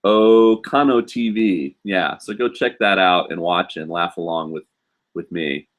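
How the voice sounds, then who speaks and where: A man's voice: low voice, measured pace. Rambling man chatting on a live stream. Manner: rambling, filler-heavy, chatty. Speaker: host.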